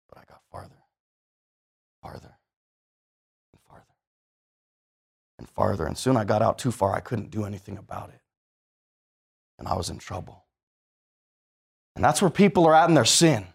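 A man preaching a sermon, telling a story from his own life, moving between hushed, slow stretches and loud, fast, rising passages. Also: high-pitched.

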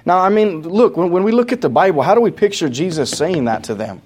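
Fiery preacher man, rising to shouts. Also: sits high, expressive, fairly quick. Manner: preaches from scripture, builds to loud impassioned shouting; conversational asides with many restarts. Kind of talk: sermon.

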